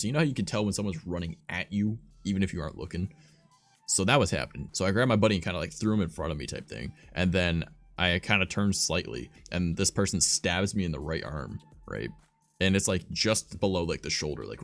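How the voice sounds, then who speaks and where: A man's voice: deep voice, animated, a little fast, faint music behind. A young man hosting a livestream, telling stories in a rambling, profane, filler-heavy casual way. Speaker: streamer host.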